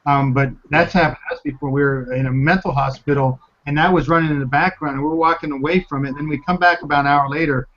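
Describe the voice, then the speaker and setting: Relaxed man telling ghost-hunt anecdotes. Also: fairly high pitch, fast talker, hardly any pauses. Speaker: paranormal investigator guest. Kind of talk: casual chat. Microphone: video call. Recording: slightly muffled call audio.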